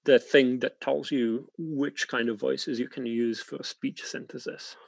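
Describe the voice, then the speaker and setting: A software developer in a working meeting, patiently explaining technical points and readily agreeing. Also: male voice, medium pitch, fairly even intonation, a little slow, gravelly, no room sound.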